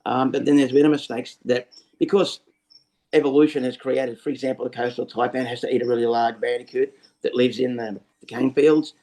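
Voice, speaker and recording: An Australian man, a snake catcher, explaining things over a video call in a lively storytelling way. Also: mid-range voice, brisk, poor audio. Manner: lively storyteller who acts out scenes. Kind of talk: casual explanatory interview talk.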